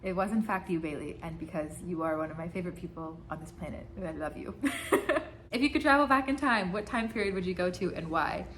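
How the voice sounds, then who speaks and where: A woman's voice: fairly low pitch, brisk, fairly bright tone, a little hiss or hum. A young woman in her twenties, a singer and vlogger, answering fan questions in a giggly, chatty and playful way. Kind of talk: casual Q&A vlog.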